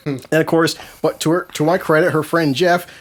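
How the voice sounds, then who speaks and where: A man's voice: fairly high pitch, normal speed. A man co-hosting a podcast, telling a story in casual chat, laughing often, swearing and acting out what people said. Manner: animated, laughing, swearing, acts out quotes. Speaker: podcast co-host.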